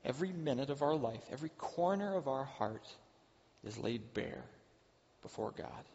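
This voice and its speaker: A middle-aged man giving a sermon as a pastor, earnest, rising to loud emphasis and dropping to hushed asides. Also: mid-range voice, expressive, normal speed. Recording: dull sound with long hall reverb.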